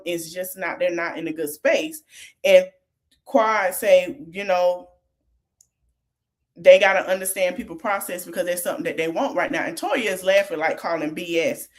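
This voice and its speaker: Chatty woman podcaster recapping reality TV. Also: lowish voice. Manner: chatty, Southern-tinged slang, laughs often. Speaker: podcast host.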